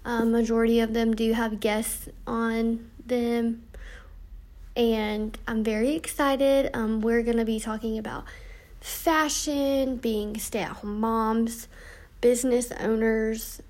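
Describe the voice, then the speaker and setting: A young woman hosts a podcast late at night, yawning and tired as she chats through a casual intro monologue, reading from notes with frequent ums. She speaks slowly in a steady tone, her voice on the high side and a little mellow.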